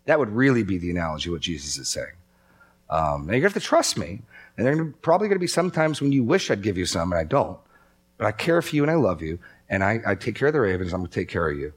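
A man's voice: fairly low pitch, sing-song, quick pace, husky. A man preaching a sermon in a conversational way, telling stories and acting out quotes. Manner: conversational, storytelling with acted quotes. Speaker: pastor.

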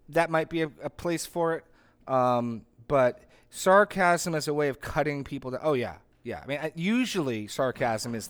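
A man's voice: fairly high pitch, moderate pace. A middle-aged man leading a Bible study as its pastor, conversational and full of restarts and asides while teaching a group.

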